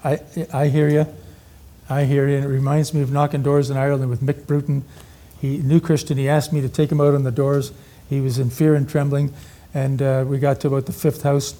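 A man's voice: mid-range voice, little pitch movement, brisk, mellow. A middle-aged man preaching an interactive teaching sermon, energetically quizzing the audience with questions.

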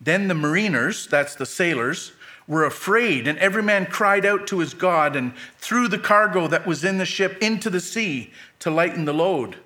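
A man's voice: sits high, lively intonation, normal speed, pushed and bright. A middle-aged man preaching a sermon, reading scripture aloud with dramatic lifts for quoted lines and adding plain asides.

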